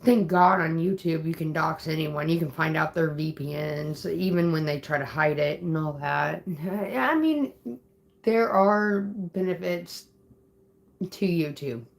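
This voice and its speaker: A woman's voice: deep voice, unhurried, gravelly. A woman ranting angrily at her viewers on a livestream, upset and swearing, threatening people in the chat. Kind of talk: angry livestream rant.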